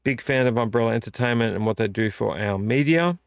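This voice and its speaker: Tired vlog host, gravelly, dry close sound, rambling chat. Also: male voice, mid-range voice, fairly quick, dry recording. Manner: relaxed, rambling, complains about covers. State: tired and yawning. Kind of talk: casual late-night chat. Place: home room.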